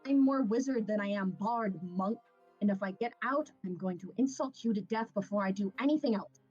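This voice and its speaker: A woman's voice: mid-range voice, normal speed, darkish tone, husky, dull audio, soft background music, close to an everyday voice. Woman playing a sneering bard-wizard man. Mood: scornful. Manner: sneering, indignant.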